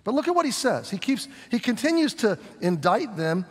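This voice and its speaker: A man teaching scripture verse by verse as a pastor, talking in an animated way and acting out the voices of the people and Jesus. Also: moderate pace. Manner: animated, voices the crowd and Jesus with shifting pitch. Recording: long hall reverb.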